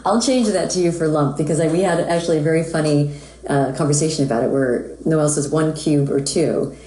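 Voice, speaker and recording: A woman's voice: low-pitched, a little fast, mellow, roomy sound, low-quality recording. A woman from the United States, a voice actress who chats casually with fans while she signs autographs. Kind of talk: casual live-stream chat.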